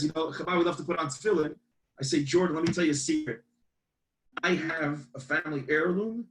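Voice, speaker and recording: A man, a campus rabbi telling a story in a webinar and acting out both sides of the dialogue with lively energy. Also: fairly high pitch, low-quality recording. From Brooklyn, New York. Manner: animated, acts out dialogue.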